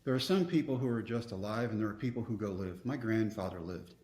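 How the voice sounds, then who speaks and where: A man's voice: fairly low pitch, quick pace, darkish tone, roomy sound. A man, telling personal stories earnestly as a podcast guest. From Texas. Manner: earnest, reflective storyteller. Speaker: guest speaker. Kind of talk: storytelling interview.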